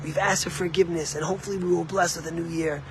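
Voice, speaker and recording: A rabbi delivering a sermon, a man with a rather high voice who preaches with passion and pushes his key lines hard. His stories flow into fervent appeals. A faint hum of ambience and traffic sits low in the background. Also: steady tone, fast. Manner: impassioned, rising to emphatic peaks. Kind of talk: sermon with storytelling.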